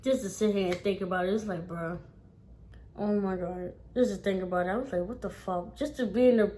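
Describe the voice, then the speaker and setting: A woman's voice: mid-range voice, steady tone, a little fast, dark tone. Profane, emphatic young woman vlogger. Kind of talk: casual storytime chat.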